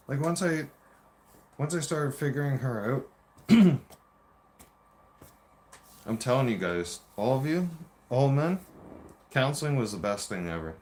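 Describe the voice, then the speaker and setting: A man's voice: medium pitch, animated, a little slow, long pauses, a little mellow, slight background noise. A man telling a heated, profanity-laced story about an ex, re-enacting their arguments as he goes. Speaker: vlogger. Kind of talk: casual storytelling rant.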